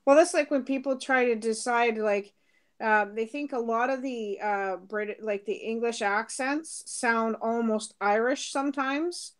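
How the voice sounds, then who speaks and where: A woman chatting casually as a guest, agreeing readily, laughing often and filling her speech with "like" and "um". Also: on the high side. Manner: agreeable, quick to laugh, lots of "like" and "um". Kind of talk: casual chat.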